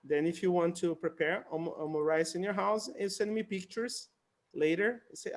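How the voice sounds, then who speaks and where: Man, English teacher, high voice, chatty, repeats words, video call class. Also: moderate pace. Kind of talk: casual online conversation class.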